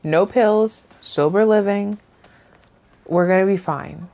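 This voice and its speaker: A woman streamer chatting casually over her gameplay, rambling and often trailing off into soft murmurs. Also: mid-range voice, takes it slowly, vocal fry, dull audio. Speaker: gaming streamer.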